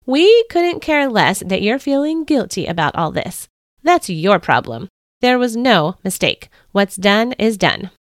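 A woman's voice: fairly low pitch, animated, normal speed, fairly bright tone, no echo, studio quality. A woman reading sneering, smug male priests. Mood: jeering. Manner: jeering, sneering. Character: scornful male temple priests, smug and mocking. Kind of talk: storybook reading.

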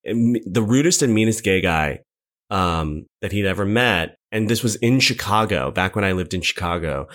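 A man's voice: low-pitched, animated, moderate pace, a bit bright. A man, a comedian, chatting as a podcast guest and candidly confessing his own insecurities with self-deprecating humor. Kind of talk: casual chat.

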